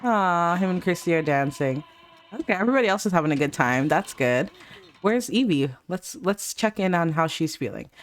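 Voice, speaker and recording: A woman giving chatty, excitable commentary while playing a life-sim video game, jumping high when surprised. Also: moderate pace, soft background music. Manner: excitable, chatty, reacts with squeals and gasps. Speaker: let's play gamer.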